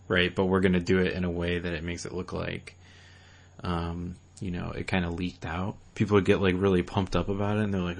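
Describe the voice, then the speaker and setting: Deep-voiced young man in casual gaming chat. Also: flat delivery, fairly quick, gravelly, darkish tone. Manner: loose, rambling, swears casually. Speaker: podcast co-host.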